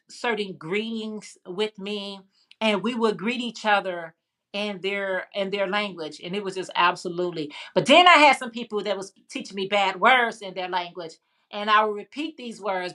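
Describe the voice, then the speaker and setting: A woman with a Chicago accent hosts a casual live chat, greeting viewers and telling stories in a chatty, easygoing way. Her voice sounds bright and forward, at a middle pitch. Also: normal speed. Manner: chatty, storytelling, reads out viewer comments. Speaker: livestream host.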